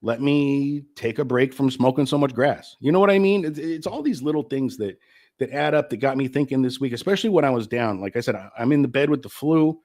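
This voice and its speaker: A man's voice: mid-range voice, lively intonation, fairly quick, darkish tone. A middle-aged man getting over the flu and short of breath, hosting his own live-streamed talk show in a candid, rambling way and swearing freely.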